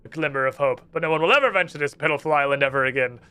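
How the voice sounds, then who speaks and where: Man doing a high, blaring, pompous game wizard who shouts and drags his words. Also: clean tone, dry recording. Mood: furious. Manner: theatrical, shouting, drawn-out. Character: pompous ranting male dark wizard.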